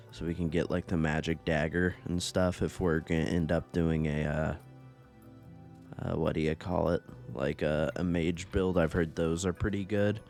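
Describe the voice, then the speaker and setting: Deep-voiced young man casually gaming. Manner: rambling, profane, laid-back, laughs often. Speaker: gaming YouTuber. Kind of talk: casual gameplay commentary.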